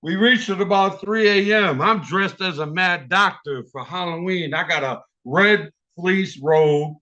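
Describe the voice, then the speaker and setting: A man's voice: sits high, unhurried, pushed and bright, highs cut off. A man telling a profane, vivid street story at an online open mic, heard over a video call.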